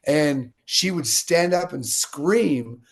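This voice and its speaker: An American man with a fairly high voice talks slowly while guesting in an interview. Even so, his storytelling is animated and energetic, and he acts out the lines of the people he describes.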